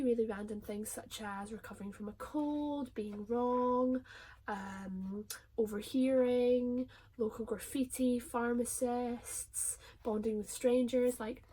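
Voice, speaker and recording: A young-sounding woman chats through her book favourites, her voice light, higher than most and very airy. She gushes and stumbles over her words, and often lets the emotional parts drop to a hushed whisper. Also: husky. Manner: gushing, emotional, often trailing into soft whispers. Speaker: book reviewer. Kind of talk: casual vlog review.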